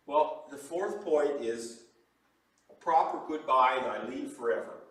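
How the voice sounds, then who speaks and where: A man preaching a sermon as pastor, telling the story with lively acted-out voices for the people in it. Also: medium pitch, a little slow, heavy reverb, recorded from a distance, low-quality recording. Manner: animated storytelling, acting out quoted voices. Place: church sanctuary.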